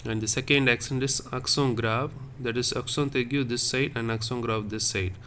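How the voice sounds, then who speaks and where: A man teaching a French lesson, speaking slowly and repeating words, checking in with "okay?". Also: mid-range voice, fairly even intonation, bright, forceful tone, slight background noise. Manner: slow, repetitive, checks with "okay?". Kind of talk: classroom lesson.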